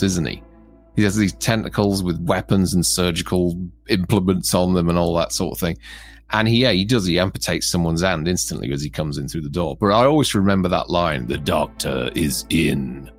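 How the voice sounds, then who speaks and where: Low-voiced man chatting about films. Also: fairly quick, soft background music. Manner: animated, laughs often. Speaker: co-host. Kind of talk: casual film review chat.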